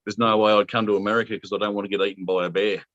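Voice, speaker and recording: A man's voice: lowish voice, flat delivery, rapid-fire, fairly bright tone, dry recording, dull audio. A middle-aged Australian man hosting a casual video chat, easygoing and chuckling. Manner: easygoing, laid-back, chuckling. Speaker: host.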